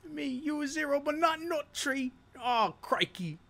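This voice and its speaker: A man hamming up a squeaky jokey Aussie bloke. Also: fairly even intonation, measured pace, vocal fry, fairly bright tone, full character voice. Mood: goofy. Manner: over-the-top mock slang, laughing between lines. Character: exaggerated jokey Australian bloke, cheerful.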